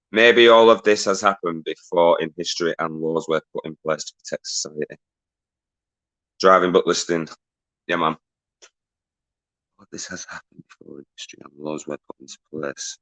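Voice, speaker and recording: A man hosts a casual livestream, reading viewer comments aloud and greeting people as they arrive. His voice sits deep and low but comes across bright and forceful. He talks loosely and swears now and then. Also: poor audio.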